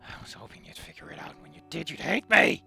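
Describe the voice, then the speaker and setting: Man doing young woman, tearful, breathy whisper, gravelly edges, swinging pitch. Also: wildly swooping pitch, quick pace, bright, forceful tone, faint music behind, heavily acted. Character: young woman, crying and regretful. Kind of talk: dramatic fanfic reading.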